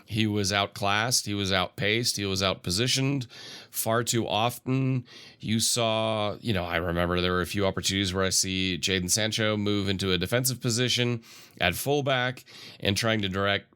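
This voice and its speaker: A man's voice: lowish voice, moderate pace, bright, forceful tone, smooth. A man co-hosting a football podcast, giving thoughtful analysis with plenty of ums and restarts. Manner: thoughtful, analytical, many fillers. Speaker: podcast co-host. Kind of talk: casual football analysis chat.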